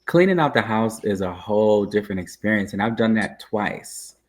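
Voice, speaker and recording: A man hosting a podcast in relaxed, chatty conversation who laughs easily. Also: on the low side, moderate pace. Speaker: podcast host. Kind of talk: casual conversation.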